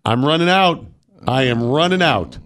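A man's voice: mid-range voice, expressive, normal speed, fairly bright tone. A man hosting a talk radio show, chatting casually in a mock-solemn, theatrical way that builds to bursts.

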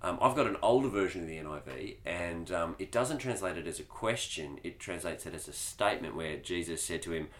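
A man hosting a church podcast who puts listener questions to his co-host. His voice sits very deep. He talks casually and haltingly, with frequent fillers. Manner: casual, hesitant with many fillers. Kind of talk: podcast discussion.

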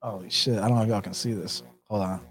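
A man's voice: lowish voice, fairly even intonation, quick pace. A man with an Atlanta accent hosting a casual stream, reading viewer comments aloud and reacting with laughs and swearing. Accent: Atlanta, Southern US. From United States. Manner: laid-back, swears, laughs often, reads comments aloud. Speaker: livestream host reading chat. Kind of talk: casual chat.

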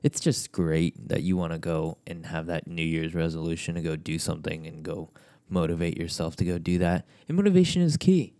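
A man's voice: low voice, lively intonation, brisk, few pauses, mellow. A man giving a blunt, profane motivational rant, swearing constantly and repeating himself.

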